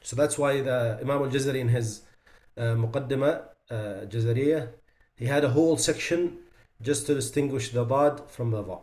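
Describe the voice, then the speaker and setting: A man teaching a tajweed class on recitation mistakes. He recites each sound as an example, then drops his voice low to say what is wrong with it. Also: moderate pace, a little mellow. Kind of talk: tajweed lesson.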